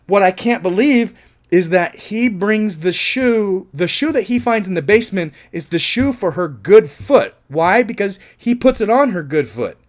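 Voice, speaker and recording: A man's voice: high-pitched, lively intonation, measured pace. Laughing, fired-up male film reviewer. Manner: enthusiastic, laughs often, swears casually. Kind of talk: casual film review monologue.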